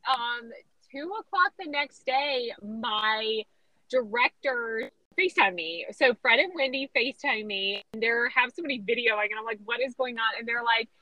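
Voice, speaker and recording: A woman's voice: on the high side, normal speed, dry recording, highs cut off. A woman, a pageant titleholder telling a story in a podcast interview and acting out the voices of people she quotes.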